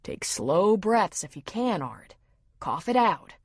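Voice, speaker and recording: A man's voice: sits high, very animated, takes it slowly, husky, no room sound, clean studio sound, heavily acted. A woman voicing a man giving first aid who barks orders and then coaxes the patient steadily. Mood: steady, coaxing. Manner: urgent, commanding.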